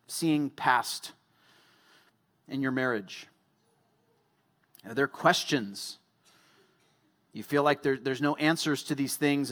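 A male pastor giving a sermon in a measured way, asking a string of searching rhetorical questions before a closing prayer. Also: medium pitch, fairly bright tone.

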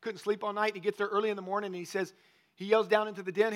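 A man's voice: high-pitched, flat delivery, rapid-fire, a bit bright. A male pastor preaching a conversational sermon, often asking the congregation questions.

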